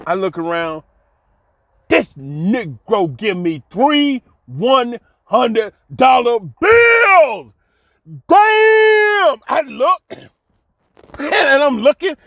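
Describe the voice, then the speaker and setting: In a very high-pitched, slightly bright voice with lively intonation, a middle-aged man unhurriedly narrates his life story, exclaiming and laughing often in a colloquial manner. The sound is dull, lo-fi, and dry, without echo.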